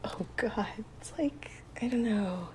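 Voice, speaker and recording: A young woman co-hosting a podcast, chatting casually, laughing and trailing off into soft murmurs. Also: medium pitch, lively intonation, takes it slowly, a little hiss or hum. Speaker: podcast co-host. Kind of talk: casual chat.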